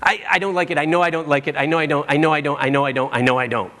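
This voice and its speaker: A man's voice: a little high, fairly even intonation, very fast, a bit bright, big-room sound, voice pushed up, lightly acted. A man imitating his small child who stubbornly refuses to taste new food, repeating himself in a whiny, insistent way.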